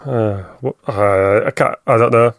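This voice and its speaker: A man's voice: mid-range voice, a little slow, gravelly. A man guessing in a casual quiz among friends, unsure and laughing. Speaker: quiz contestant.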